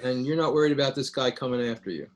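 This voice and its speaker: A man's voice: medium pitch, quick pace. A man hosting an interview, asking pointed, probing questions in casual conversation. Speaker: host.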